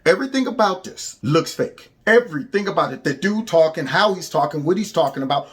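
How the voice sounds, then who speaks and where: Sarcastic high-voiced male commentator. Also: expressive, fairly quick. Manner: sarcastic, rambling, lots of "uh" fillers. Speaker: commentary show host.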